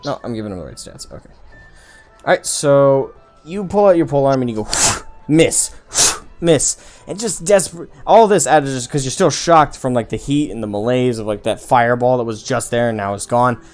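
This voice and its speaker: A man's voice: mid-range voice, animated, quick pace, few pauses, darkish tone, faint music behind. A man narrating as game master of a tabletop game, describing the action loosely and filling gaps with "like" and "kind of".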